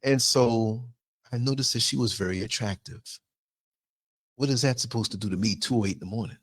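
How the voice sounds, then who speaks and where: A man's voice: on the low side, a little fast. An older man from the United States, hosting a livestream and telling a story in a blunt, emphatic way. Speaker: podcaster host.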